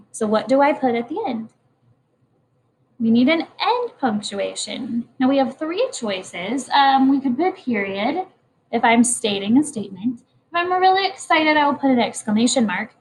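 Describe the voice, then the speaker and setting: A woman's voice: on the high side, very animated, normal speed, darkish tone, a little hiss or hum, rough recording. A woman teacher leading a morning message lesson for young children, speaking in a patient, encouraging way. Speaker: kindergarten teacher.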